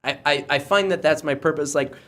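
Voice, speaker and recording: Man, young adult, podcast host, casual, loud, rambling, fairly high voice. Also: fairly quick. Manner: loud, rambling, with many restarts. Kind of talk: casual chat.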